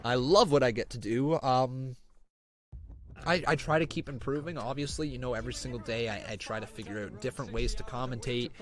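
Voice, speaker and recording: Brief: male streamer, slightly raspy bass voice, mid-pitched, chatty with sudden excited spikes, home room, condenser mic. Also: brisk, slight background noise. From Ontario, Canada. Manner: chatty, reads viewer comments, bursts of excitement. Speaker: live stream host. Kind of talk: live wrestling reaction commentary. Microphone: condenser studio mic.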